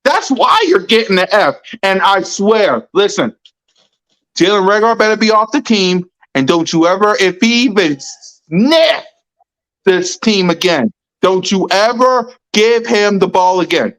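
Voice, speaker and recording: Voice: mid-range voice, animated, measured pace, a bit bright, rough recording. Heated sports podcast host. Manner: heated, emphatic, repetitive. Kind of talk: ranting sports talk.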